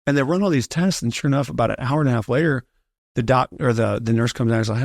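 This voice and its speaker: A man's voice: medium pitch, fast talker, gravelly, dry recording. Man telling a story in a dry studio. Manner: animated, acts out quoted voices in his story. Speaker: podcast guest. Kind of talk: casual storytelling.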